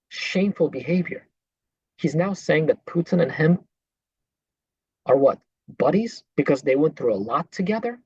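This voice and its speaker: A podcast host talks back at clips with indignant, sarcastic rebuttals. The voice sounds husky and the recording is dull, lo-fi and dry, with no room around it. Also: medium pitch, darkish tone, dry recording. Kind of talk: political commentary over clips.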